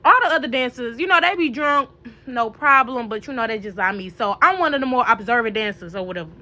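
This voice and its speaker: A woman's voice: a little high, fast. A young woman, animatedly telling a casual storytime to her viewers. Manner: animated, addresses viewers as y'all.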